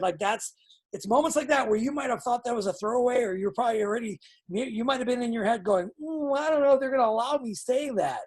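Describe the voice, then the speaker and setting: Brief: husky woman wrestling trainer, blunt and excitable, swears freely, heard over a video call. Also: a little high, quick pace. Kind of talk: live online coaching feedback.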